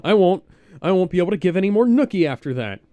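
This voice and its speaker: A man voicing a nervous woman clerk caught up in spy trouble, reading her lines from an old computer game in a slightly raised, hurried voice. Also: sits high, very animated, warm tone, no room sound, lo-fi sound, voice pushed up. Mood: anxious. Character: nervous female music store clerk spy.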